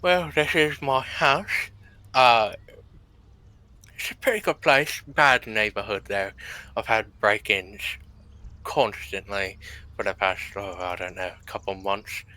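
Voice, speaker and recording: A man voicing a house owner with a put-on accent in a tabletop game, speaking boastfully and slowly. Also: lowish voice, sharp tone, no room sound, low-quality recording.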